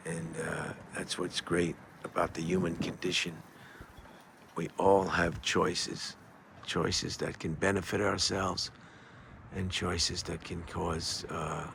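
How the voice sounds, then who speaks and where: An older man talking in a casual, rambling monologue outdoors, halting often with fillers and restarts. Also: low-pitched, vocal fry, background noise. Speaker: vlogger.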